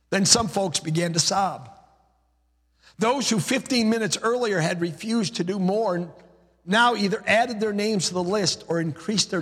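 A man's voice: high-pitched, fairly bright tone, slightly rough, in a large hall. A male pastor preaching a sermon, emphatic, building his points through rhythmic repeated lists.

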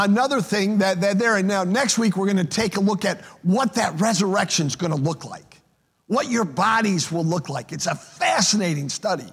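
A man's voice: high voice, husky. A pastor preaching an emphatic sermon, often repeating words as he starts a phrase. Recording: long reverb of a large hall.

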